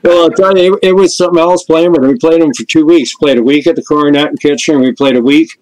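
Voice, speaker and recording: Older man telling lively road stories. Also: on the high side, fast, low-quality recording. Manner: lively storyteller who acts out the people in his stories. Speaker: guest musician, lead singer. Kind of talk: anecdotal storytelling in a podcast interview.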